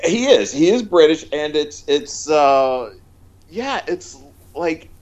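A man's voice: fairly high pitch, sing-song, slow, a little mellow. A man chatting casually about a movie, rambling with lots of fillers and restarts. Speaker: podcast co-host. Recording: dull lo-fi sound.

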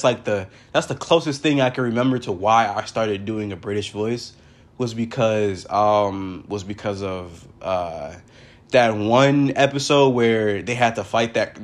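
A young man hosting a casual solo podcast from his brother's house, rambling with lots of fillers. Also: medium pitch. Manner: rambling, many fillers like "like" and "for real". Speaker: podcast host.

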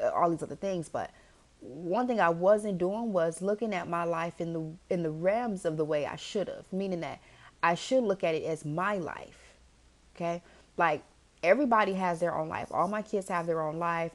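A woman with a slightly low voice hosts a podcast, telling a personal story in a loose casual monologue. She talks with animated emphasis, swears freely and keeps calling the listener "girl". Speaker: podcast host.

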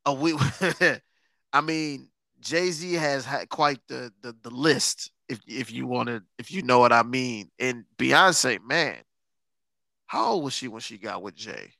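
A man hosting a podcast in casual chat, sarcastic and quick to laugh, stretching words for emphasis. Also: medium pitch, gravelly, pushed and bright, no echo. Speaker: podcast host.

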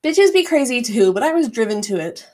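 A young woman co-hosting a podcast, telling a story in a casual, profane, animated way full of "like". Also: fairly high pitch, brisk, noisy background. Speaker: podcast co-host.

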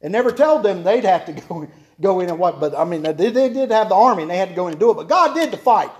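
High-voiced folksy preacher, a man. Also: expressive, fast talker, darkish tone. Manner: homespun, joking, repeats key phrases for emphasis. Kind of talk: folksy sermon to a congregation.

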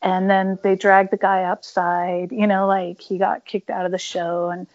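A woman's voice: medium pitch, flat delivery, measured pace, a little mellow. A woman musician telling stories candidly and emphatically in a casual interview, with many fillers. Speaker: punk band musician, interview guest. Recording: dull lo-fi audio.

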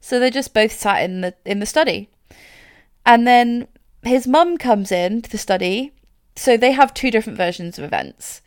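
A woman's voice: fairly high pitch, animated, normal speed, clean tone. A woman casually recounting a true-crime case as a podcast co-host, chatty, with lots of "like" and "so". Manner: chatty, frequent "like" and "so", laughs easily.

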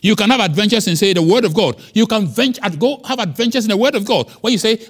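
A man preaching a sermon as pastor, emphatic, with wide swings in pitch and loudness. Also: lively intonation, fast, few pauses.

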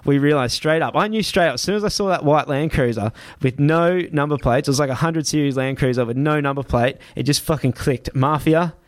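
A man's voice: a little high, a little fast, hardly any pauses, no echo. A young man casually recounting a story as a guest, swearing heavily and restarting phrases as he goes. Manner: heavy swearing, vivid re-telling with restarts. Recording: dry close sound.

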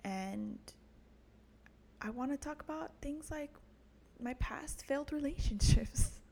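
A young woman with a high, expressive, mellow voice talks slowly, with slight background noise behind her. She hosts her own podcast as a casual solo monologue, crude and self-mocking, swearing often and laughing at her own jokes.

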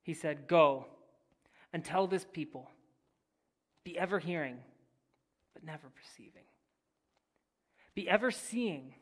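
An unhurried preacher reads a passage aloud and explains it. The delivery swings between ringing declarations and soft, almost whispered lines. Casual asides keep it conversational, all at an ordinary middle pitch. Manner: dramatic swings from loud to hushed, near-whispered phrases; casual, addresses listeners as "guys". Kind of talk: sermon with Bible reading and teaching.

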